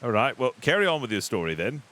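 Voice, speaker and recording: A man's voice: medium pitch, big pitch swings, fast, bright, forceful tone. A man speaking in character in a roleplay, playful and teasing, rambling with many fillers. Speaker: roleplay player as a captain character.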